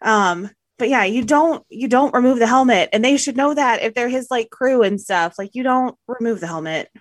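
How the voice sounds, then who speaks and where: A woman's voice: fairly high pitch, normal speed, no room sound, clean studio sound. Chatty woman podcast co-host, rambling. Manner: rambling, self-correcting storyteller. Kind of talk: casual podcast chat.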